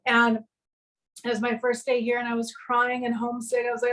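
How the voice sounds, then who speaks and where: A woman's voice: fairly high pitch, monotone, a little fast, poor audio. A woman from the American South telling a long personal story in a casual interview over a video call from her home music studio. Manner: earnest, rambling anecdote with quoted dialogue. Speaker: guest actress and filmmaker.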